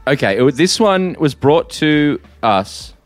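A man's voice: fairly high pitch, animated, measured pace, soft background music. An Australian man co-hosting a podcast from a hotel room, rambling and teasing in casual chat with frequent swearing. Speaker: podcast co-host.

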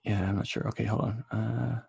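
A man with a raspy voice chatting casually on a video call, excitable and swearing freely. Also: fairly low pitch, brisk. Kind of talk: casual podcast chat.

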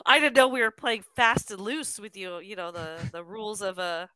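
A woman's voice: medium pitch, moderate pace, crowd noise, low-quality recording. A woman co-hosting a podcast who breaks into the talk with wry, teasing remarks. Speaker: podcast co-host. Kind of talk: casual chat.

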